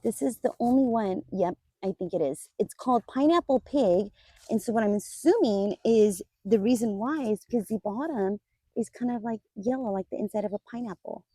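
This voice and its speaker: Garden vlogger, woman, casual and chatty, talks straight to viewers, mellow voice, dry sound. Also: fairly high pitch, moderate pace, no echo. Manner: chatty, addresses viewers as "you guys", laughs easily. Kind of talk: casual garden tour vlog. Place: outdoors in a garden.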